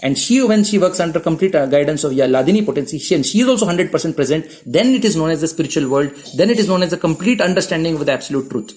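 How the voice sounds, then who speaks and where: Fast-talking, high-voiced man giving a lecture. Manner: animated, acts out quoted voices, many restarts. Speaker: spiritual teacher. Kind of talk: devotional scripture lecture.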